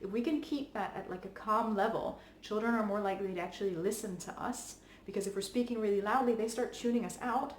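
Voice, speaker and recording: A woman coaching parents in an earnest, easygoing manner, loosely chatty with plenty of fillers. Her voice sits at an ordinary middle pitch. The room is echoey, with a faint hum of background noise. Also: brisk, hardly any pauses. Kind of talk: casual advice talk to camera.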